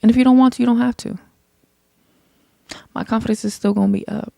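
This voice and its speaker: A young woman hosting her own podcast, talking casually and passionately, her voice climbing high when she gets heated. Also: fairly even intonation, brisk, creaky, mellow, dry recording, studio quality. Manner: passionate, emphatic, rises into heated rants. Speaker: podcast host. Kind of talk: casual solo podcast monologue.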